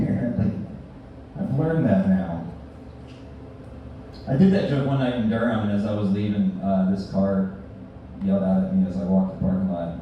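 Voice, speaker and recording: A man's voice: on the low side, brisk, mellow, lo-fi sound, a little hiss or hum. A man from North Carolina doing a stand-up comedy set in a bar, with a dry, conversational delivery. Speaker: stand-up comic. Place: bar stage with audience. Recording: distant, echoey bar room recording.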